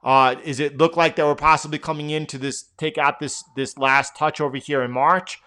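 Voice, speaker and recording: A man's voice: on the high side, fairly even intonation, moderate pace, pushed and bright, clear, resonant tone. A middle-aged man hosting a live trading stream, thinking aloud through chart commentary with lots of fillers and restarts.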